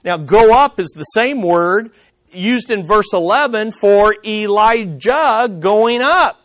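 High-voiced man teaching a Bible study. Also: expressive, slow, a bit bright. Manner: emphatic, asks rhetorical questions then answers them.

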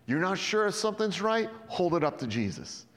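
A man's voice: sits high, very animated, brisk, fairly bright tone, long reverb tail. A man preaching a sermon in a conversational way, acting out the Bible scenes in quoted voices. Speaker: pastor.

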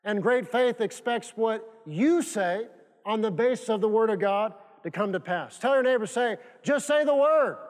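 A man with a strikingly high voice preaches in a church sanctuary. He hammers his points home by repeating them and calling on the congregation to answer back. A long hall reverb trails after every word. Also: normal speed, a little mellow. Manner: repetitive, emphatic preaching with call-and-response prompts. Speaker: pastor. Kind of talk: sermon.

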